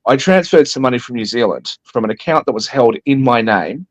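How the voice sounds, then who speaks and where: Guy, quick, animated ranting co-host on a talk show. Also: mid-range voice. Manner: animated ranting storyteller, mimics callers. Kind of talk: casual panel chat.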